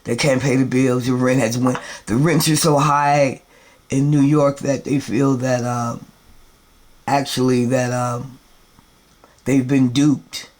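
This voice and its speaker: A man hosting his own video show, ranting in a rambling, emphatic, profane monologue that swings between loud outbursts and subdued asides. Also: medium pitch, level tone, takes it slowly. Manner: repeats words and restarts often. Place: New York.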